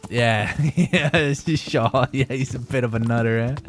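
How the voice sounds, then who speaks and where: A man's voice: medium pitch, a little slow, a little hiss or hum. A young man streaming a game live, rambling and joking with his chat in casual, profane banter at a desk microphone. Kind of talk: casual gaming livestream chat.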